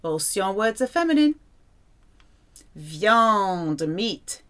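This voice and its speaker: Playful woman teaching French, very lively pitch. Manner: playful, enunciates French words slowly. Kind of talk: language lesson to camera.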